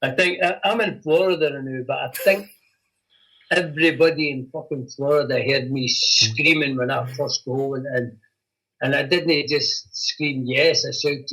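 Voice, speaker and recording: Boisterous husky Scottish caller. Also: male voice, medium pitch, steady tone, measured pace, pushed and bright, low-quality recording. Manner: boisterous, sweary, laughing. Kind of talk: casual phone-in chat.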